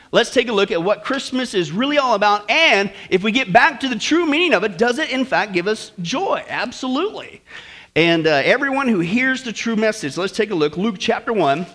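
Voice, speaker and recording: A male pastor preaches with a high, bright voice that swings widely in pitch. He keeps asking his congregation questions and lets out excited whoops. The delivery is animated and full of energy. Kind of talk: sermon.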